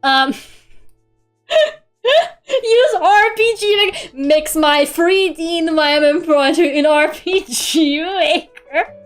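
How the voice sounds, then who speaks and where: A woman's voice: very high-pitched, takes it slowly. A young woman chatting casually on a stream while drawing. She grumbles, swears freely and giggles often. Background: faint music.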